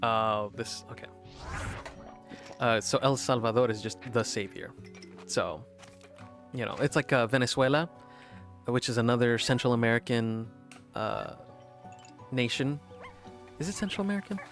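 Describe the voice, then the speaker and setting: A man's voice: medium pitch, normal speed, pauses often, fairly bright tone, faint music behind. Rambling man chatting while gaming. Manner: rambling, many restarts and fillers, laughs often. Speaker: gaming streamer. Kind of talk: casual chat while playing a game.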